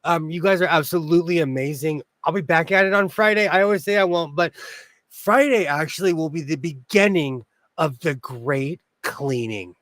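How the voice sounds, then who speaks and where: A man's voice: on the high side, normal speed, a bit bright, no room sound. A man hosting a casual sewing livestream, chatty and rambling, laughing often. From Los Angeles area. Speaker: host.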